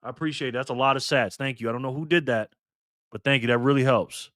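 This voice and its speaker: A man's voice: mid-range voice, fast, fairly bright tone, dry recording, clean studio sound. A man hosting a casual livestream, talking in a slangy, playful way and thanking viewers by name. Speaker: livestream host reading donations.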